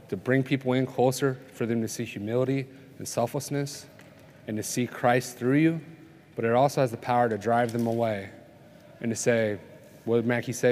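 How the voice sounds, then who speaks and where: A man's voice: medium pitch, darkish tone, slight background noise. Guy preaching at a conference, chatty, keeps asking "right?", echo hangs in the big hall. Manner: conversational preaching, tells stories, asks the crowd "right?". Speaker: speaker at a family conference. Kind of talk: sermon. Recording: long reverb of a conference hall.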